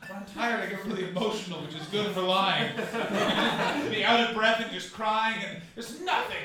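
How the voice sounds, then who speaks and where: A young Canadian man from Ontario hosting a live comedy podcast, rambling and self-mocking, breaking into shouted impressions. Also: sits high, normal speed, distant mic, heavy background noise. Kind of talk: live stand-up storytelling. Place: small black-box theatre with a live audience. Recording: echoey theatre from off-mic with crowd laughter.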